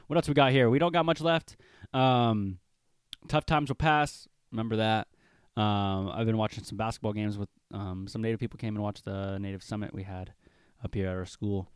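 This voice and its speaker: Young male solo podcaster, easygoing and rambling, smooth voice, dry close sound. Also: on the low side, steady tone, normal speed, no echo. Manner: laid-back, rambling, says bro and dude. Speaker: podcast host. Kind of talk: casual solo podcast monologue.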